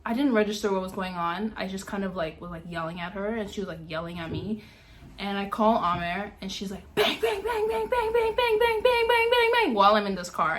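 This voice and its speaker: A young woman vlogger telling a dramatic story in a casual, animated way, full of fillers and acted-out sounds. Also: fairly low pitch, a little hiss or hum.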